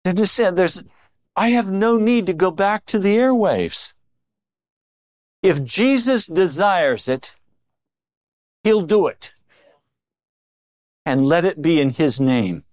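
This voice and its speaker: Male pastor, middle-aged, sermon delivery, unhurried, drops low then punches lines up high. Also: lively intonation, darkish tone, dry recording, studio quality. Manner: dramatic swings between low intimate tones and raised emphatic lines.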